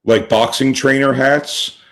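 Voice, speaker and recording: A man in casual podcast chat who rambles with halting restarts. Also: mid-range voice, steady tone, vocal fry, fairly bright tone, a little hiss or hum.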